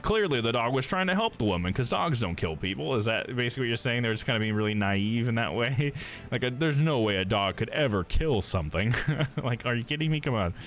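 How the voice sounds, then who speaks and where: A man's voice: medium pitch, animated, brisk, a bit bright, soft background music. A male streamer chatting casually while he plays a game, laughing often and calling people "dude".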